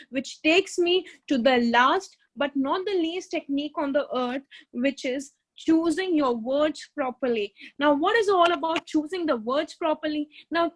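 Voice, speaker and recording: A woman's voice: high-pitched, rough recording. A woman giving a motivational self-help talk, earnestly explaining and repeating key words. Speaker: motivational speaker.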